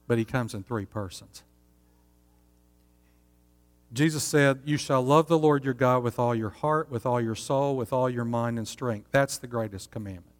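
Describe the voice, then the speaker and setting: A man preaching a sermon as pastor, earnest and steady, often asking his listeners rhetorical questions. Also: medium pitch, long reverb tail.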